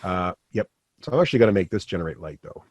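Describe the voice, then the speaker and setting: A man's voice: low voice, expressive, quick pace, a little mellow. A man running a live tabletop game as game master. He explains the rules and positions patiently and calls on each player by name.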